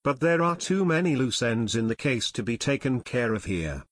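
A man's voice: mid-range voice, very animated, moderate pace, dry recording, clean studio sound. A man reading aloud voicing a grave middle-aged detective father who warns his sons, in an audiobook. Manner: grave, warning.

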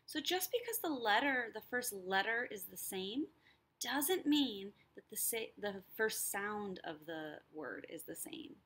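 A woman teacher explaining a lesson, sounding out words slowly and clearly. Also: medium pitch, sing-song, fairly bright tone. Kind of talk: recorded lesson.

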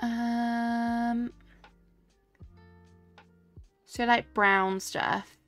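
Young woman, game streamer, casual and giggly, slightly high voice. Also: fairly even intonation, very slow, fairly bright tone, faint music behind. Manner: chatty, reads and answers chat, giggly. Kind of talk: casual live-stream chat while playing.

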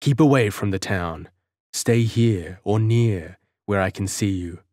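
A man's voice: lowish voice, unhurried, mellow, no echo, clean studio sound, close to an everyday voice. A man doing a grim crippled soldier father. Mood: muttering. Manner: grim, gritted, muttering.

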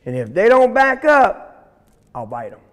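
A calm male rattlesnake, put on by a man telling a story bargains politely. His voice sits high and is full of movement. A long reverb follows his words. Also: a little slow, heavily acted.

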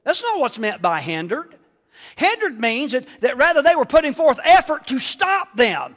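A man preaching a sermon as pastor, animated, rising to shouts and firing rhetorical questions at the congregation. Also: extremely high pitch, moderate pace. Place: church sanctuary. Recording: long reverb of a church hall.

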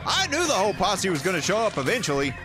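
A man giving jokey, animated commentary while playing a survival game and talking to the creatures in it. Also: high-pitched, quick pace, over music. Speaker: gaming YouTuber. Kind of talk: playthrough commentary.

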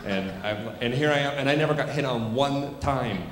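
A man's voice: mid-range voice, fairly even intonation, brisk, hardly any pauses. A middle-aged man working as a stage hypnotist, joking and bantering with his audience during a live show. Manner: joking, chatty banter with the crowd; commanding hypnotic suggestions. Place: large theater stage. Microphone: stage microphone. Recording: echoey hall with loud audience noise. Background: audience laughter.

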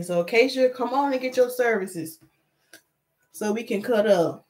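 On a live stream with a little hiss or hum in the audio, a woman hair stylist chats as she works, with a medium-pitched voice at normal speed. She's animated, reading viewer comments aloud and joking back.

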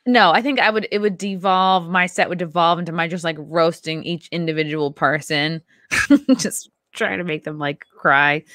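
Podcast host lady, bright clear voice, laughs a lot, close dry mic. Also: fairly low pitch, moderate pace, no room sound. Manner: laughs often, chatty follow-up questions. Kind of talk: casual podcast interview.

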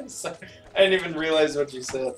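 A man hosting a casual game video, rambling in a goofy way and trailing off mid-sentence. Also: on the high side. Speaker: channel host. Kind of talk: casual gaming chat.

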